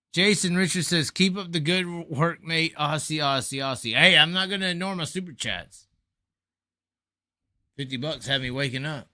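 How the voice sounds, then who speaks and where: Tired guy rambling on his live stream, bright sharp voice, super dry close sound. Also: a little high, normal speed, no room sound. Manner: rambling, profane, jokey sign-off. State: worn out after hours live. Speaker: livestream host. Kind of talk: casual late-night livestream chat.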